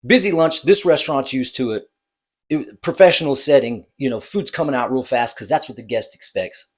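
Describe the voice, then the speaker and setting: Husky man telling a bar story. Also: medium pitch, normal speed. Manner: rambling, hesitant, self-correcting. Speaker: bartender. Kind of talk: casual storytelling.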